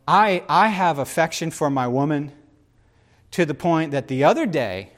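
A middle-aged man preaching in an animated, conversational way and often turning to his listeners with asides. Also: fairly high pitch, normal speed. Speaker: pastor. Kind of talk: sermon.

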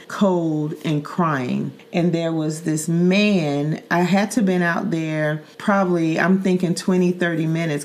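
On her podcast, a middle-aged woman from Saint Louis, Missouri, with a low voice tells a personal story in casual chat. She's earnest and vivid, often repeating words and leaning on fillers like "um" and "like."

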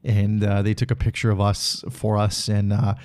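A man's voice: fairly low pitch, completely flat delivery, moderate pace, darkish tone. A man hosting a reflective solo podcast, rambling through stories with lots of filler words. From Canada. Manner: rambling, heavy with filler words, laughs while telling stories. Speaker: podcast host.

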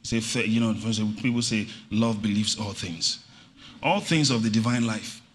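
A man's voice: lowish voice, normal speed, slight background noise. A middle-aged man preaching a sermon, calling for responses and acting out little stories. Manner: animated preaching with call-and-response and acted anecdotes. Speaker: pastor. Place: church hall. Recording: reverberant church hall.

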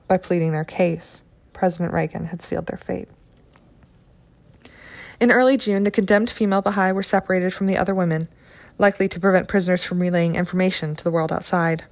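A woman reading a scripted documentary narration in a measured, sober way, including quoted testimony. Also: lowish voice, a little mellow.

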